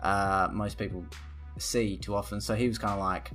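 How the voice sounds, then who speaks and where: A young man with a fairly low voice rants through a vlog, sarcastic and rambling. He swears freely as he reacts to what he reads, and faint music plays behind him. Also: fairly even intonation, moderate pace, fairly bright tone. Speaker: vlogger. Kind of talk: profane reaction rant.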